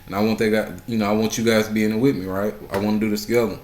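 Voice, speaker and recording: A man's voice: on the low side, level tone, fast talker, darkish tone, slight background noise. A man giving a casual recap of the day's stock market, talking straight to his viewers, often asking "right?" and repeating phrases for emphasis. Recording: echoey room.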